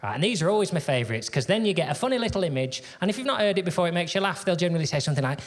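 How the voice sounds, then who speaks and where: A man's voice: sits high, animated, racing, few pauses. A male stand-up comedian, telling stories in a wry, conversational way on a theatre stage through a stage microphone. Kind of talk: stand-up routine. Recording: reverberant hall with audience noise.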